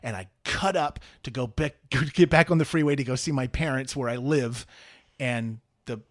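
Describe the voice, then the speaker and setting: A man co-hosting a podcast, telling a story in casual chat, animated and laughing, acting out quotes with plenty of swearing. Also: mid-range voice, moderate pace. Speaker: podcast co-host.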